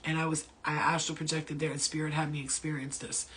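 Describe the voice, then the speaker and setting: A woman's voice: deep voice, flat delivery, brisk, a bit bright, a little hiss or hum. A woman healer answering viewer questions in a casual spiritual talk, blunt and profane, telling stories.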